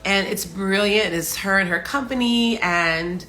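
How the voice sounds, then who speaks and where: A woman's voice: mid-range voice, a little slow, bright, forceful tone. A woman in her morning voice hosting a casual livestream from home, chatting upbeat with viewers and laughing often. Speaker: livestream host. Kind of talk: casual live chat greeting viewers.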